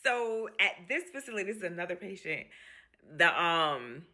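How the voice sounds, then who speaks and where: Animated, bright-voiced woman telling stories. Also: on the low side, moderate pace. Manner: animated, laughing, acts out voices. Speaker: hospice nurse. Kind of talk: casual storytelling vlog.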